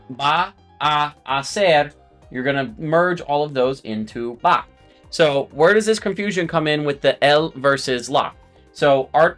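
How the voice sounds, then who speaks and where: A man's voice: medium pitch, fairly bright tone. A man teaching a language lesson to viewers in a chatty, explanatory way, with friendly asides and repeated words.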